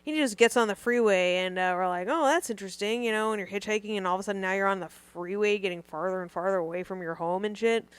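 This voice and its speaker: A woman co-hosting a comedy podcast, telling a long story in a loose, animated way, full of swearing. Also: mid-range voice, quick pace, hardly any pauses, smooth, dry recording. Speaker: podcast co-host.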